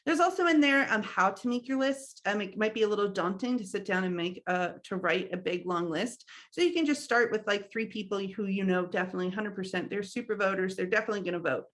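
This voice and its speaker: A woman's voice: mid-range voice, creaky, fairly bright tone. A young adult woman leading a training workshop, talking in a conversational way with frequent fillers and small laughs. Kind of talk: instructional talk.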